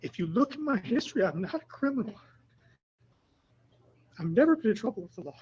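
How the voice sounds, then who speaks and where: A tearful man pleads with a judge, his voice high for a man and husky. He rambles and circles back to the same points as he represents himself. The courtroom recording sounds dull and lo-fi. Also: sing-song, brisk, a little mellow. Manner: emotional, rambling, repeats himself.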